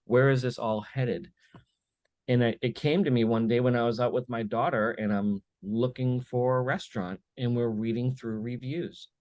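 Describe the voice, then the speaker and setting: A man on a podcast as a guest, chatting casually and telling animated stories with little acted-out bits of dialogue. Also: mid-range voice, normal speed, no room sound. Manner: animated storyteller who acts out little dialogues. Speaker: podcast guest, business owner. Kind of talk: casual conversation.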